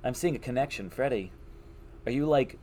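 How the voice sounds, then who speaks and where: A man's voice: mid-range voice, animated, normal speed, mellow, slight background noise. A man hosting a casual group chat, joking and teasing the guests. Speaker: host.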